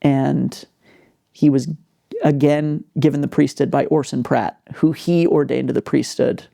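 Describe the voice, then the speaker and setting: A man hosting a podcast, telling a story in a casual, animated way with lots of fillers. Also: medium pitch, a little slow, vocal fry. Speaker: podcast host.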